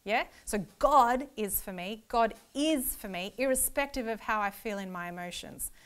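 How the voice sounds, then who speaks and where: A woman giving an earnest church lecture on Bible meditation, stressing key words again and again, and laughing easily when she gets excited. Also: a little high, moderate pace, clear, resonant tone. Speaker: Bible teacher.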